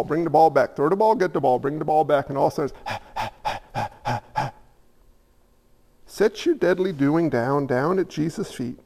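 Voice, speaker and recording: A male preacher with a high, gravelly voice delivers a conversational sermon, stacking rhetorical questions and repeated phrases. His voice carries a long reverb, as if heard in a large hall. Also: a little mellow. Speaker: pastor.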